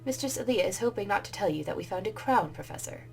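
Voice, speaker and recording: A woman voicing a calm, formal male robot servant who speaks politely and deferentially. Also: mid-range voice, fast talker, creaky, faint music behind, low-quality recording. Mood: tattling. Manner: polite, formal, says "mistress". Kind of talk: game dialogue read-aloud.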